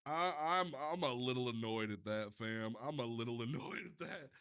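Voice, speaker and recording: Bright-voiced man chatting on a livestream. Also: medium pitch, moderate pace, smooth. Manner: animated, profane, stumbling restarts. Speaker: livestream host. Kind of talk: casual livestream chat.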